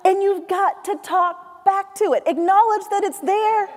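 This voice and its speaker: A woman giving a motivational keynote, telling a lively story and acting out her family's voices. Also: very high voice, unhurried. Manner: animated storyteller, acts out family voices, laughs along. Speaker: keynote speaker. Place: large hall with live audience. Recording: long hall reverb.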